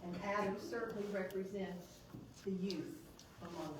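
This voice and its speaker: A woman's voice: medium pitch, steady tone, normal speed. A woman who is a local elected official, giving a chatty, joking, personal speech at a council meeting, with a noticeable accent. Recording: echoey chamber, distant mic, background noise.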